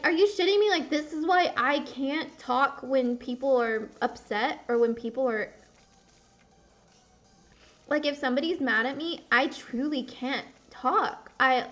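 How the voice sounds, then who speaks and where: A woman's voice: high-pitched, a bit bright. Candid young woman chatting, dull lo-fi sound. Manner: candid, rambling, swears at the game. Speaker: gaming video creator. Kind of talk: casual chat while playing a game.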